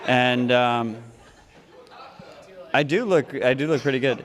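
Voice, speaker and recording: A man's voice: medium pitch, slow pace. A man on stage making a mock-upset, rambling speech to the crowd, stammering as he goes. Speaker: award recipient.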